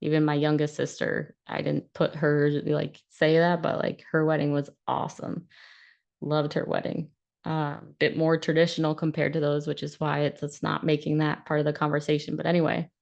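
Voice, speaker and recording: A woman's voice: deep voice, monotone, normal speed, gravelly, a little mellow, highs cut off. A woman hosting a podcast, talking casually and frankly in a rambling, self-reflective way that is often broken up by laughter. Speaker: podcast host and coach. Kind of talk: casual monologue.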